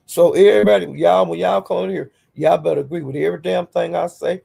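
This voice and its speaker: Gravelly woman livestreaming. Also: on the low side, steady tone, brisk, mellow. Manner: greets viewers by name, blunt and defiant. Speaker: livestream host. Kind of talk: casual livestream chat.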